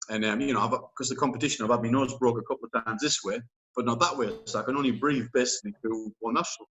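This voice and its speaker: A man's voice: mid-range voice, fairly even intonation, quick pace, a bit bright, rough recording. Rambling man telling a story. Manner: rambling, emphatic storytelling with many fillers. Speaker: interview guest. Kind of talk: casual chat.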